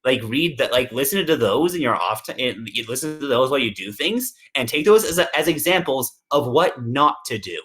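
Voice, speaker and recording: A man's voice: mid-range voice, lively intonation, brisk, hardly any pauses, fairly bright tone. Blunt male player, casual advice, repeats himself, swears. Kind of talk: casual chat.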